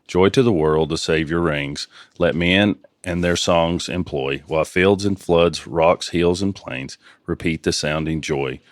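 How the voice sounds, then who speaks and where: Very deep-voiced man reading lyrics. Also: no room sound. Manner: halting, sheepish reading. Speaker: co-host. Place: studio.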